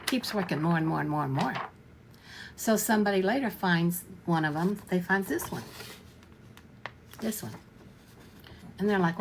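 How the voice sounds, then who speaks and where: Earnest woman explaining a sales pitch. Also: animated, normal speed, pauses often, a little hiss or hum. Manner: repetitive, checks listener understands with questions. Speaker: online business vlogger. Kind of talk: casual explainer to camera.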